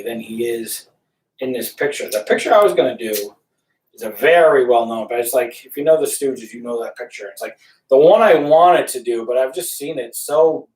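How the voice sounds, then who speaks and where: During a live painting stream, a man chats casually and thinks aloud while he works, greeting viewers as he rambles. His mid-range voice is a little mellow and sits far from the mic, giving the recording a roomy, off-mic sound.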